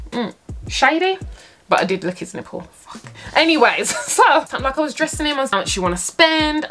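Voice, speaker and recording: A young woman tells a dating story in a vlog, animated and dramatic, with sassy asides and big leaps up in pitch. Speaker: vlogger.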